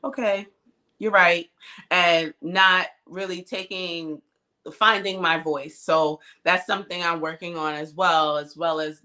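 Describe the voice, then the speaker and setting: A woman's voice: on the low side, pushed and bright. A woman in her thirties co-hosting a podcast, talking candidly and chattily, often laughing, recorded on a cell phone. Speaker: podcast co-host. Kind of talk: casual chat.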